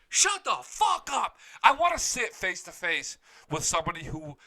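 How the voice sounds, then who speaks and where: Man, young adult, high-pitched, bright, fired-up profane sports rant. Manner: profane, hyped, ranting. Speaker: sports show host. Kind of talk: live sports talk rant. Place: home studio.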